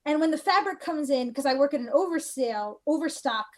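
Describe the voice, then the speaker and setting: A woman's voice: high-pitched, animated, a little fast. A woman guest in a casual chat, rambling and wry, with lots of "like" fillers. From United States. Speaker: guest cosplayer.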